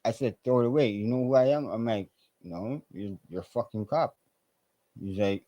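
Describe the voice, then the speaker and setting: Guy on a podcast, swears a lot, acts out what people said, mellow dry voice. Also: lowish voice, moderate pace, no echo, low-quality recording. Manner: animated, profane, acts out quoted voices. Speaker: podcast guest. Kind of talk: casual storytelling.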